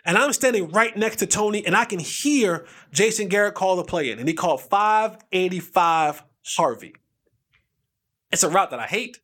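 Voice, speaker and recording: High, lively man telling a story. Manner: lively, emphatic, acts out quotes with repeated phrases. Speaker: podcast host, former football player. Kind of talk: animated storytelling.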